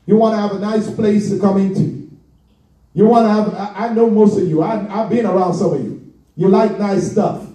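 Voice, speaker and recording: A man with a very high voice preaches to his congregation in an echoey church hall, drawing out his words for emphasis. His tone is dark and mellow, and he stands some way off from the mic, so the room sound carries him. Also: fairly even intonation, far from the mic. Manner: preaching with drawn-out emphasis and direct address. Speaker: pastor. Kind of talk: sermon.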